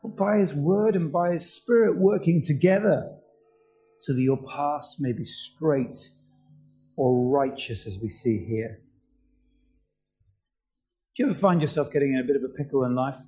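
Guy preaching, earnest, keeps asking questions, mellow slightly high voice, faint music behind. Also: normal speed, long pauses, rough recording. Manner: earnest, asks the congregation many questions. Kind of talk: sermon.

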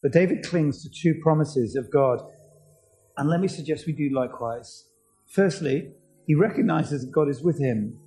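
A man's voice: fairly high pitch, normal speed, mellow, soft background music, poor audio. A man preaching a sermon, earnest and asking his listeners many questions.

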